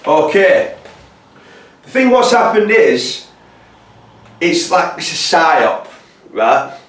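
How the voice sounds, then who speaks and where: Man presenter, casual rambling talk to camera, many fillers, slightly high voice, echoey room, distant mic. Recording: roomy echo, distant mic.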